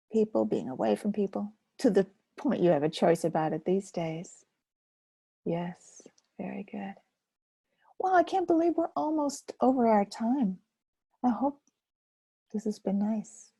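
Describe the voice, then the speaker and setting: An older woman hosting a live webinar, gently and reflectively answering chat questions as a focusing teacher, with a husky voice. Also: medium pitch, dry recording.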